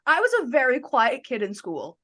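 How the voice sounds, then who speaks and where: A woman's voice: fairly high pitch, sing-song, moderate pace, a bit bright. A woman co-hosting a casual podcast, telling stories and acting out the lines people said to her. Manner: chatty storytelling, acts out quoted lines. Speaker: podcast co-host. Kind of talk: casual chat.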